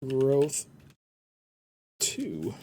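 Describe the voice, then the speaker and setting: Streamer type, slow easygoing delivery, lively pitch, desk mic, chatty. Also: slight background noise. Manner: chatty, reads game text aloud and hums along to the music. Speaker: game streamer. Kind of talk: casual live-stream commentary.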